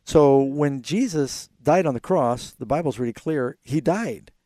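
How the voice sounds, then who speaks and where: A man's voice: on the high side, a little slow, dry recording. A man hosting a call-in radio Bible program, explaining scripture earnestly to callers. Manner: earnest, explanatory, quotes scripture in animated bursts.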